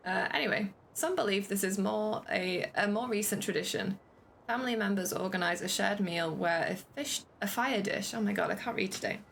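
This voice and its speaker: A woman streams a game and chats through it, giggling and stumbling over the text she reads aloud. Her mid-pitched voice has a gravelly edge, with a faint hiss behind it. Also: normal speed, fairly bright tone. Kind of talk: casual game commentary.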